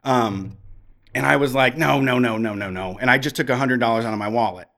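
A man's voice: mid-range voice, fairly quick, creaky, a bit bright. A man telling long personal stories on a podcast, frank and profane, rambling with restarts. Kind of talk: casual storytelling.

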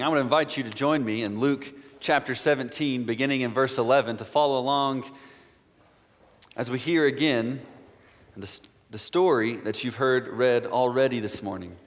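A man's voice: medium pitch, fairly even intonation, normal speed. A man preaching a sermon as pastor in a church, in a conversational style with playful asides. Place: church sanctuary. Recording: long church reverb.

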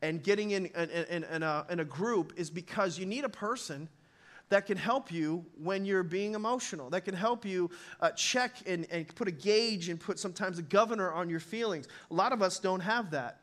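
A middle-aged man preaching a sermon in a loose, conversational way, talking straight to his congregation and now and then acting out short voices. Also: sits high. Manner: animated, conversational, acts out quick voices. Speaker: pastor.

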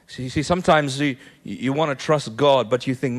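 A man preaching a sermon in a church, animated, often repeating words and building to loud peaks. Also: mid-range voice, fairly quick, hardly any pauses. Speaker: pastor. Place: church hall.

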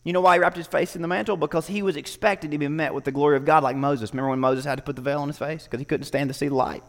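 A man's voice: fairly high pitch, fairly even intonation, rapid-fire, few pauses. A man preaching a sermon in a conversational, storytelling way, acting out the dialogue, heard with long hall reverb.

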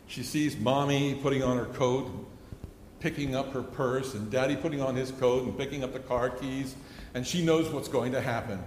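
A middle-aged pastor preaches a sermon in an echoey hall with long reverb, earnestly telling stories and acting out a child's pleading. His voice is mid-range, with slight background noise.

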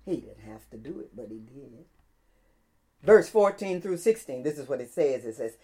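A woman preaching a sermon, swinging from loud cries to hushed whispers. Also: extremely low pitch, lively intonation, moderate pace.

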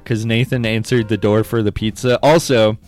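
A man co-hosting a podcast in casual chat, excitable, swearing and laughing as he tells stories. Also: lowish voice, normal speed, faint music behind. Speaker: podcast co-host.

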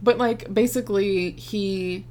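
A woman co-hosting a podcast, chatting casually about a TV episode, animated and laughing as she acts out quotes. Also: mid-range voice, slow. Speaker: podcast co-host. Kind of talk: casual chat recapping a TV episode.

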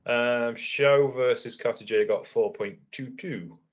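A man co-hosting a casual wrestling podcast, talking in a relaxed, analytical way and laughing easily. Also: medium pitch, measured pace.

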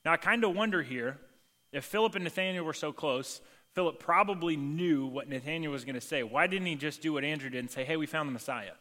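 A man preaching in a loose, talky way, slipping into little voices for the people in his story. His voice is bright and sits a bit high, and it rings with the long reverb of a big church sanctuary. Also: a little fast. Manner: casual and animated, acts out quoted lines. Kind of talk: sermon. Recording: long reverb of a large hall.

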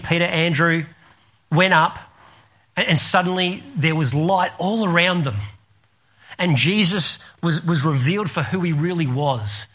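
Bright-voiced Australian pastor preaching. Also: male voice, fairly high pitch. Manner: animated storyteller, laughs through anecdotes. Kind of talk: sermon with storytelling.

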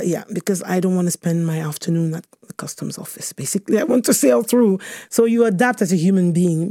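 A woman's voice: medium pitch, warm tone, no echo, clean studio sound. A researcher from Cameroon, a woman, answering interview questions thoughtfully, with many fillers and restarts. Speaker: researcher guest.

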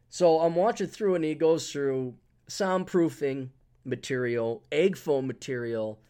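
A man hosting a podcast in a casual monologue, ranting sarcastically and acting out mock quotes. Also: on the high side. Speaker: podcast host.

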